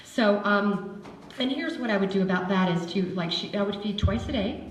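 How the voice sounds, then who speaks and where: Woman seminar speaker, chatty and animated, roomy echo, light background noise. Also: medium pitch, normal speed, distant mic. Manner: animated and chatty, acts out dog voices. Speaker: dog behavior speaker. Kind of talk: seminar talk to a live audience. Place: seminar hall. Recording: echoey room with faint ambience.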